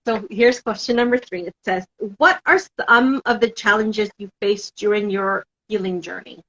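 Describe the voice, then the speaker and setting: A woman hosting a live chat series, emotional and expressive, often laughing as she talks. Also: mid-range voice, moderate pace, lo-fi sound. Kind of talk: casual interview chat.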